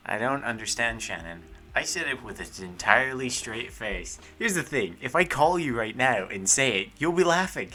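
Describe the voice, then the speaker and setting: A man's voice: medium pitch, animated, normal speed, few pauses, bright, forceful tone, soft background music. A man streaming casual chat, teasing a friend, swearing and laughing. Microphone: headset earphones.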